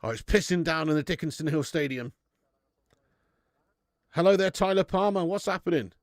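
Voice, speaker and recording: In a dry, clean studio recording, a man in his thirties speaks at normal speed with a fairly high pitch and lively intonation. He hosts a live football watch-along, commenting on the match, bantering with chat, and swearing casually.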